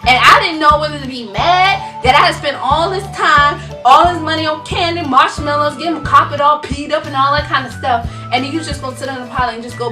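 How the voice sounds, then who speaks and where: A mother venting to her viewers, telling a comic story with animated, dramatic delivery. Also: high voice, moderate pace, roomy sound, distant mic, music in the background. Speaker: mom vlogger.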